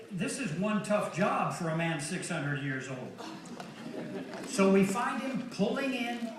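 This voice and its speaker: A man performing a comedic story at a talent show, narrating in a slow, measured way. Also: high voice. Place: large hall at a talent show. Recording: echoey hall from far off, noisy.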